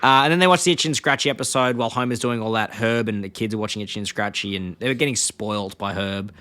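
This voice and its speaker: A man's voice: fairly low pitch, fast talker, pushed and bright, dry recording. A man co-hosting a casual podcast chat. He retells scenes and acts out the lines in a raised voice. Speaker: podcast co-host.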